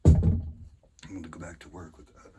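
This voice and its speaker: A man's voice: deep voice, little pitch movement, normal speed. A middle-aged man with a lingering cold, rambling casually and swearing during a home workout vlog. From Canada. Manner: rambling, chatty, swears casually, sighs between sets. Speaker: arm wrestler vlogger. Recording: far from the mic with faint ambient noise.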